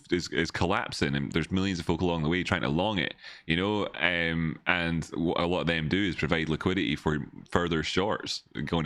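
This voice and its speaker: A man's voice: sits low, fairly bright tone, no room sound. A man, rambling through casual live-stream chart analysis from home, repeating words and chatting with viewers. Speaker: livestream market analyst.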